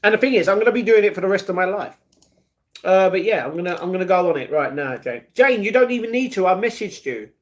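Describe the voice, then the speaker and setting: Chatty British man, slightly high voice. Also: expressive, fast talker. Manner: chatty, laughs often, answers viewers by name. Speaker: live streamer. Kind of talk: casual live-stream chat, reading chat messages.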